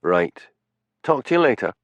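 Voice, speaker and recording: A man voicing a calm, dry-witted village policeman in an audiobook. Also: mid-range voice, moderate pace, dry recording, natural voice. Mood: inquiring.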